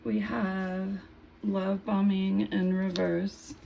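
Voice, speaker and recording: A woman giving a casual tarot reading in an unhurried, musing way, her voice a little hoarse from just waking up. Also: medium pitch, little pitch movement, warm tone, slight background noise, poor audio. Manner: unhurried, musing, trailing off mid-thought. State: slightly hoarse, just woke up. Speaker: tarot reader.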